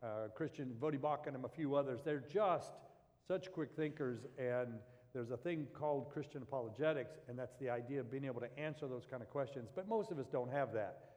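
A male pastor preaches in an easy, rambling way, circling back and restarting his thoughts as he tells stories. His mid-pitched voice carries a long hall reverb, as if heard in a large church. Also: fairly quick, darkish tone. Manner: conversational, rambling storytelling with restarts. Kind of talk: sermon.

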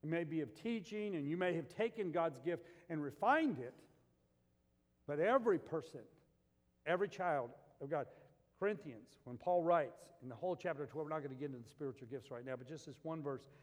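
A male pastor preaching a sermon, shifting between relaxed storytelling and loud emphatic peaks. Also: a little high, fairly quick, big-room sound.

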